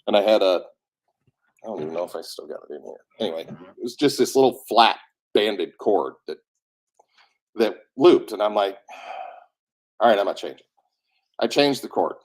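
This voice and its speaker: This is an audiobook narrator in casual conversation, a man with a somewhat low voice who has a cold. He tells his stories with energy and slips into the voices of the people he quotes. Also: normal speed. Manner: animated storyteller who acts out quotes. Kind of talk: casual chat.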